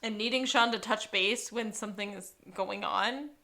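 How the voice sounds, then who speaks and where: A woman co-hosting a podcast, chatting casually and giggling as she recaps a TV episode. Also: medium pitch. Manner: giggly, animated, quick reactions. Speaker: podcast co-host.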